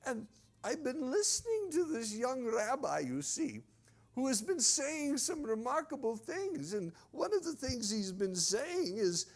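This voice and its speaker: Male pastor, high voice, animated first-person sermon storytelling. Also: measured pace.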